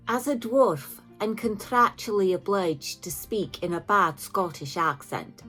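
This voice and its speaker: A woman game master narrating a tabletop campaign recap in a measured way with dry asides. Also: medium pitch. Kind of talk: scripted narration. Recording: faint background music.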